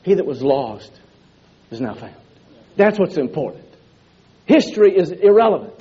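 Husky-voiced male preacher. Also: a little high, very animated, moderate pace. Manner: emphatic, rhetorical questions, repetitive. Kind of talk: sermon. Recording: dull lo-fi sermon recording.

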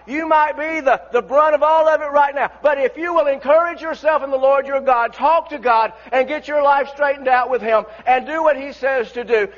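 A man preaching a sermon in an impassioned, repetitive way, often restarting his words. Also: very high-pitched. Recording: dull lo-fi recording.

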